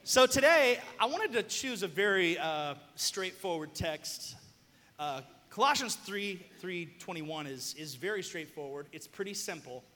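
A young man from the southern United States preaching a sermon, telling stories animatedly and bursting into shouts. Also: high-pitched, animated, a little slow. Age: young adult. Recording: long hall reverb.

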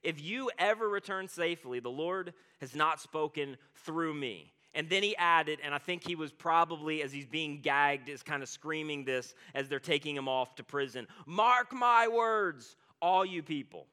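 Guy pastor giving a sermon, high bright voice, super chatty and amped. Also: moderate pace, hardly any pauses, clean tone. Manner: energetic, conversational preaching with paraphrased retellings.

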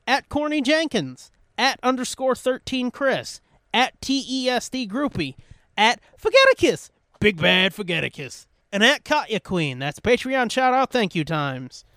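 A man's voice: very high-pitched, sing-song, measured pace, bright, forceful tone, dry recording, studio quality. A man co-hosting a podcast in casual chat, swearing freely and rambling. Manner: profane, rambling, reads sponsor list. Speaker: podcast co-host.

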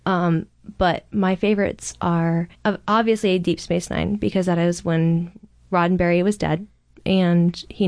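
A woman in her thirties chatting on a podcast, an enthusiastic fan with quick asides and some cursing. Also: fairly low pitch, steady tone, a little mellow. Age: 30s. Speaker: podcast guest. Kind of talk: casual podcast chat.

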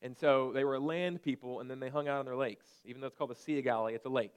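Man preaching a lively sermon. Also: medium pitch, rapid-fire, smooth. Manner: conversational preaching with sudden shouted commands. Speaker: pastor.

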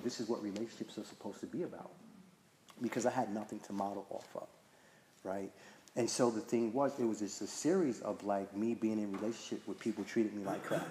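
A man's voice: medium pitch, a little mellow. A man telling a personal story at a recovery meeting in a casual, chatty way, often asking "right?" and filling with "like". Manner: conversational, frequent "right?" and "like" fillers. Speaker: speaker sharing at a recovery meeting. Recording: echoey hall with faint noise.

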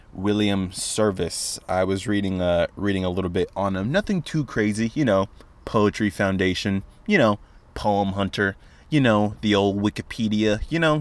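A man in his twenties hosting a solo podcast, rambling with lots of swearing and sarcasm. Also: fairly low pitch. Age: 20s. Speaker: podcast host. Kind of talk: casual solo podcast monologue.

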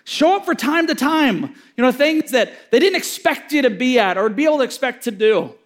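Middle-aged guy preaching about parenting, pretty high voice, tells stories and does the voices. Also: lively intonation, moderate pace. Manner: storytelling, acting out quoted voices with big swings. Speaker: speaker giving a talk on parenting.

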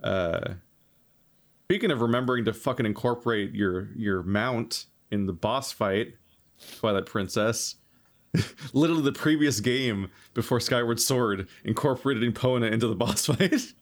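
A man's voice: mid-range voice, normal speed. A man in casual conversation about video games, laughing often and swearing.

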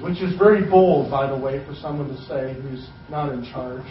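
A man preaching a sermon with a casual, chatty delivery and quick acted asides. His voice sits fairly high. It is heard from a distance in an echoey hall, with a dull, lo-fi sound. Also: level tone, slight background noise. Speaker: pastor.

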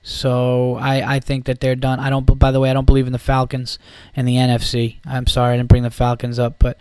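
A man's voice: medium pitch, monotone, fairly quick, darkish tone, clear, resonant tone, no room sound. A man hosting a podcast, ranting about football in a heated, profane, rambling way. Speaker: podcast host. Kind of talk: casual sports rant.

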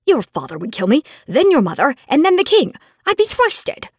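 A woman voicing a breathy, wry young nobleman. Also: medium pitch, lively intonation, moderate pace, darkish tone, no room sound, clean studio sound. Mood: alarmed. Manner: easygoing, wry, teasing.

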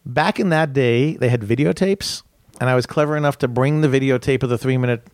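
A man's voice: mid-range voice, brisk, darkish tone, dry recording. Guy comic rambling thru stories, cuts himself off a lot, dry close sound. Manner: rambling, self-interrupting, laughs while talking. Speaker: comedian guest. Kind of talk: casual storytelling chat.

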